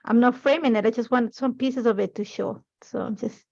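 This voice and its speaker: A woman in her forties walks viewers through a live scrapbooking project in a chatty, meandering way, sprinkling "like, you know" everywhere. Her voice sits a bit high for a woman. The livestream sound is dull and lo-fi. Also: fairly even intonation, brisk, gravelly, darkish tone. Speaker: craft livestream host.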